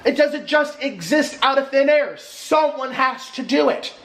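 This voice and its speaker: A man's voice: very high-pitched, unhurried, a bit bright, slight background noise, rough recording. A man ranting in a casual vlog at home, indignant and exasperated, with a sarcastic edge. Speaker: vlogger. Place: at home in his apartment.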